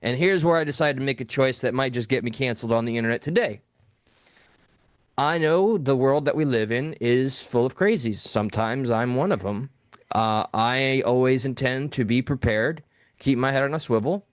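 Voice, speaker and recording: A man co-hosting a live call-in talk show, telling a story in a blunt, profane, animated way. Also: mid-range voice, normal speed, no echo, studio quality. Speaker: podcast co-host.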